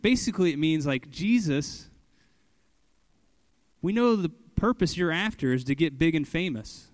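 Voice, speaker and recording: A man's voice: fairly high pitch, expressive, normal speed, long pauses, no echo. A young adult man giving casual Bible teaching as a pastor, conversational, often saying "like" and "okay" and voicing quoted lines with animation.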